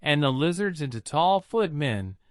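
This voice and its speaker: A man narrating a fairy tale in an expressive storybook style. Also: a little high, moderate pace, dry recording, clean studio sound. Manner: expressive, lilting delivery.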